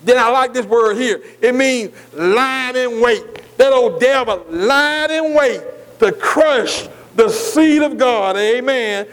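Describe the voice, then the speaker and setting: A man preaching a sermon, who keeps asking his listeners "am I right?" and slowly spells out key words letter by letter. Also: very high voice, animated, a bit bright, clear, resonant tone, poor audio. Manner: asks the congregation "am I right?" again and again.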